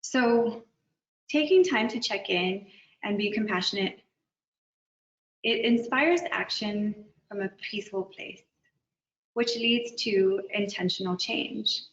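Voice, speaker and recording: A woman counselor giving a gentle, measured webinar talk, with some filler ums. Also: mid-range voice. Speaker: guest counselor. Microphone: video call. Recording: echoey, distant, dull webinar audio.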